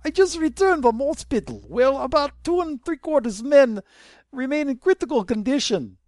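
A man's voice: very high voice, animated, moderate pace, darkish tone, no room sound, clean studio sound, pitched above the performer's own voice. A man putting on a clumsy fake Russian accent to read a police officer's lines in a game. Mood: mock officious. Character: gruff male Russian cop, mock accent.

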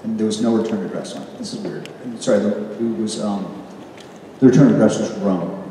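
A middle-aged man telling stories on stage at a convention panel, animated and self-deprecating, laughing often. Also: lowish voice, brisk, a little hiss or hum. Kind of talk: casual storytelling on stage. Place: large convention hall. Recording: echoey hall recorded from far off.

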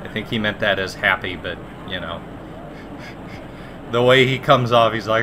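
A man casually commenting on a game, reading its lines aloud, swearing and joking with sudden loud outbursts. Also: lowish voice, moderate pace, pauses often, a little hiss or hum. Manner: profane, joking, animated outbursts. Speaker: let's play commentator.

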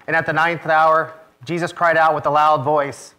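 Male pastor reading scripture, expressive and measured, bright forceful tone. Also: fairly high pitch. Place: church.

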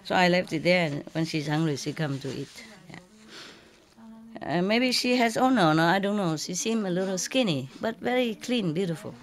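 A woman's voice: on the low side, expressive, normal speed. A woman spiritual teacher telling a lighthearted anecdote in an informal lecture, joking and playfully imitating a cat's meow. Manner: playful, joking storyteller who imitates cat meows. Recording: live audience laughter behind.

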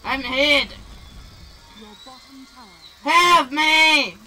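A man, from the Philippines, voicing a hot-tempered young male anime hero who yells insults and threats while gaming. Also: very high-pitched, drawn-out words, voice pushed up, full character voice, poor audio. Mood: raging. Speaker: gamer. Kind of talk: voice-trolling gameplay.

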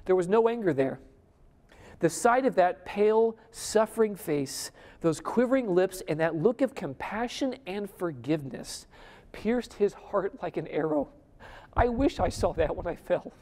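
A man preaching to a conference audience, his voice carrying through a hall with a long, lingering reverb. He swings dramatically between forceful emphasis and a hushed, almost whispered delivery. He keeps turning to the crowd with direct questions. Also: high-pitched, expressive, a little slow. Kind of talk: sermon.

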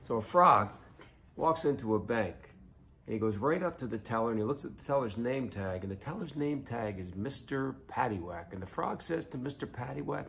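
Low gravelly guy telling a silly joke, laid back storyteller vibe. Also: normal speed. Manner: relaxed, storytelling.

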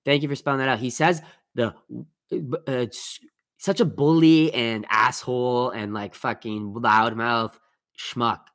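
Male livestream host, casual and profane, heated rant voice, average pitch, reacts to viewers on the fly. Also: steady tone, a little slow, a bit bright.

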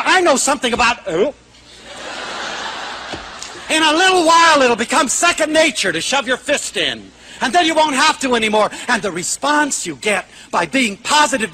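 Animated older man, high lively voice. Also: slight background noise. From United States. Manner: animated, acts out quoted voices, shouts for emphasis. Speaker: lecturer. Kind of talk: lively motivational lecture with anecdotes.

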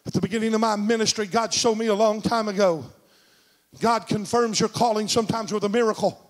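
Man, pastor, middle-aged, high voice, shouts and whispers in turn, church sermon. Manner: storytelling preacher, swings from shouting to hushed. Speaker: senior pastor. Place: church sanctuary.

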